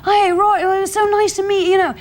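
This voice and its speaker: A woman's voice: extremely high pitch, little pitch movement, fast talker, pitched above the performer's own voice. A woman putting on a cheeky man's voice, chatting breezily on a phone message. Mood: breezy.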